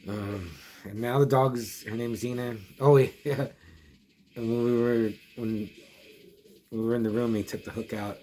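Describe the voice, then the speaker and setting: A man's voice: medium pitch, fairly even intonation, unhurried, warm tone. A middle-aged man casually telling a long story for his horror review vlog, rambling with many restarts and quoted asides. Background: music.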